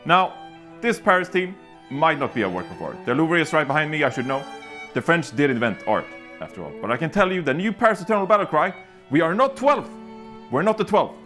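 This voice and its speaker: A man's voice: fairly high pitch, very animated, fairly quick, fairly bright tone, faint music behind. A man playing a boastful fake French fan, talking through his nose in a put-on French accent. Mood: snooty boastful. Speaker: comedic fan correspondent.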